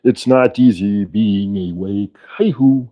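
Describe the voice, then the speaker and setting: A man voicing a wry male frog puppet character in a slow, drawn-out singsong. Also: fairly low pitch, no echo, muffled recording.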